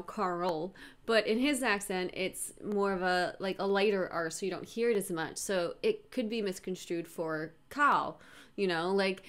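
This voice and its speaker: A woman with a bright, clear voice talks casually as she reacts to a show. She speaks in a chatty, open way and gives her own views as they come to her. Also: medium pitch. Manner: chatty, candid. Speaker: reaction video host.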